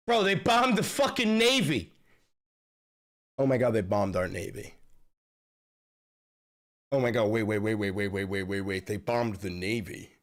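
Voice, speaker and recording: A man hosting a live stream and reacting to the news, swinging between yelling, profane outbursts and low muttering. He swears constantly. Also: very animated, a little slow, pauses often. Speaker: livestream host reacting to news.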